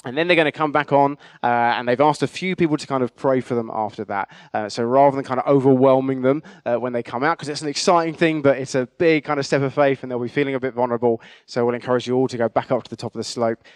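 A man's voice: medium pitch, fairly even intonation, fast, hardly any pauses, smooth, no room sound. A man, a church leader giving a casual, self-deprecating talk to his congregation. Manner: chatty, self-deprecating storyteller.

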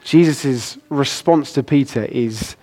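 A man preaching a sermon and retelling a story vividly, rising when excited and dropping soft for serious points. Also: mid-range voice, takes it slowly.

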